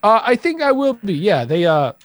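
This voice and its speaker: An American man co-hosting a podcast in casual chat, animated and given to jokey rants. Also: high-pitched, moderate pace. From United States. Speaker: podcast co-host.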